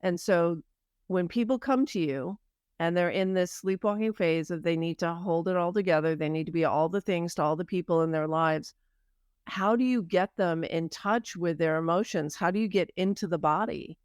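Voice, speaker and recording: A woman's voice: fairly low pitch, normal speed, a little mellow, clear, resonant tone, dry recording, clean studio sound. A woman hosting a podcast interview, talking in a reflective way and asking long, open questions. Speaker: podcast host. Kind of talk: conversational interview.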